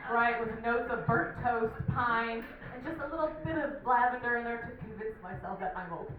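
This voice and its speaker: A woman's voice: fairly high pitch, animated, moderate pace, a little hiss or hum. Chatty woman comic in an echoey hall. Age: 30s. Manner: chatty, self-mocking, full of asides. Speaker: stand-up comedian. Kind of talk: stand-up comedy set. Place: comedy club stage. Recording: echoey hall, distant dull mic.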